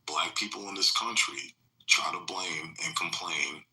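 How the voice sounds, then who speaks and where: A man's voice: low-pitched, measured pace, pushed and bright, rough recording. A man arguing his point at length in a heated panel debate, insistent and refusing to be interrupted. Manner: insistent, holds the floor.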